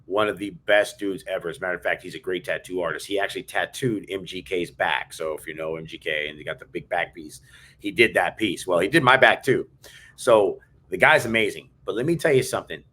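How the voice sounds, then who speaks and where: Fired-up, low-voiced male podcast co-host. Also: a little fast, sharp tone. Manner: fired-up, storytelling, emphatic. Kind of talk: casual chat.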